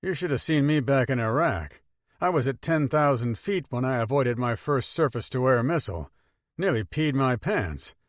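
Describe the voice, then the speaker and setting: A man's voice: medium pitch, lively intonation, moderate pace, no room sound, studio quality, natural voice. A man playing a wisecracking pilot bodyguard. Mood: wry. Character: wry male pilot bodyguard, joking under fire.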